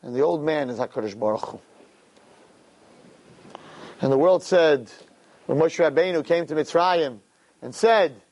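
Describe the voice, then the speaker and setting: A man telling a parable in a sermon, animated and building to impassioned peaks. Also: on the high side, a little slow, long pauses. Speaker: religious teacher. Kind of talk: sermon storytelling.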